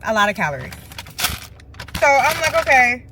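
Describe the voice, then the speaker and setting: A woman with telling a casual storytime vlog from her car, acting out other people's lines in an animated way. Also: fairly high pitch, moderate pace, background noise. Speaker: vlogger. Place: parked car.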